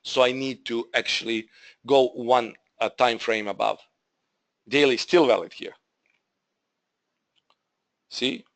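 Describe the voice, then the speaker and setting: Slow-talking man presenting a trading webinar. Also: mid-range voice, fairly even intonation. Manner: halting, repeats himself, addresses viewers as "guys". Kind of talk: live trading webinar walkthrough.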